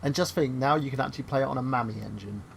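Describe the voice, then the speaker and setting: Guy rambling on a podcast, bit of gravel in his voice, faint hiss behind. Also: medium pitch, rapid-fire. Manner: rambling, stammering, reads chat comments aloud. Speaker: podcast co-host. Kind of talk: casual chat.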